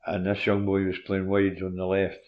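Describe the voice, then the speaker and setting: An older man with a Scottish accent, a former footballer telling animated stories in a casual interview and acting out the dialogue. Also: low-pitched, normal speed, lo-fi sound. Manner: animated anecdotes, laughs while telling, drops into quoted dialogue.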